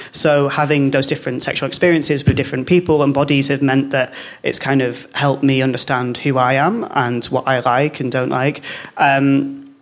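A man speaking as a panel guest, talking in a candid, reflective way with plenty of ums and likes. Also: mid-range voice. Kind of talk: candid live panel chat.

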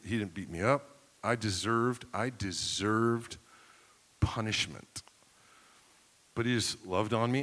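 Animated male preacher, bright and lively. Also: a little high, long reverb tail. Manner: animated storyteller, acts out voices, laughs often. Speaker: pastor. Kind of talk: sermon with personal story.

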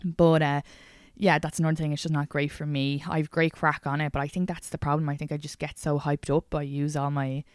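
An Irish woman talks alone into a podcast microphone, rambling from one tangent to the next with plenty of swearing and jokes at her own expense. Her voice is lowish and smooth, close and dry with no room sound. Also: level tone, a little fast, no echo. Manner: chatty, rambling, frequent swearing and self-deprecating asides. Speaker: podcast host and stand-up comedian. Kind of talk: casual solo podcast monologue. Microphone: studio podcast microphone.

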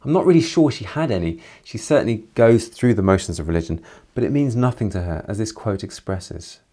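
Low-voiced man, reflective book commentary. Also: expressive, brisk, dark tone. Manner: reflective, with personal asides. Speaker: literature commentator. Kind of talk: chapter summary and commentary on a novel.

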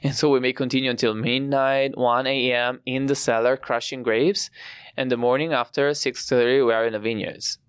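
Italian-accented winemaker, smooth clear voice. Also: male voice, medium pitch, little pitch movement, no room sound, clean studio sound. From Italy. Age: young adult. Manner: explanatory, proud, with frequent "uh" pauses. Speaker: winemaker guest. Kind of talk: podcast interview.

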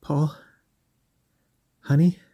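A man's voice: medium pitch, big pitch swings, slow pace, creaky, mellow, husky, voice pushed up, heavily acted. A man voicing a tiny devoted wife in grief, pleading in a raised voice.

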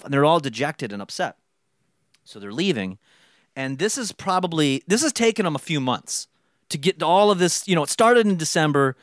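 A young man in casual chat, rambling through a movie pitch and acting out the lines of its characters. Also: smooth, dry recording, studio quality. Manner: rambling storyteller, acts out quotes. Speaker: podcast co-host pitching a movie idea.

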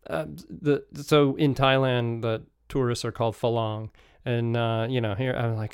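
A man casually telling travel stories as a podcast host, halting and restarting often, with frequent chuckles. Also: mid-range voice, clear, resonant tone, no echo, studio quality.

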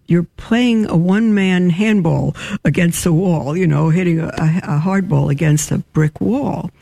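Gravelly-voiced nun hosting a talk show. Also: female voice, on the low side, dark tone, no echo. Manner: earnest, halting, frank. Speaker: religious sister hosting a call-in show. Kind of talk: casual talk-show commentary on listener emails.

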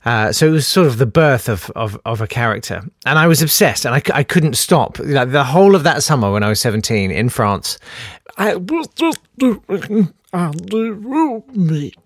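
A man's voice: mid-range voice, lively intonation, brisk, few pauses, fairly bright tone, no room sound, studio quality. A young man rambling through comic anecdotes, often interrupting himself and laughing at his own stories. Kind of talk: anecdotal storytelling.

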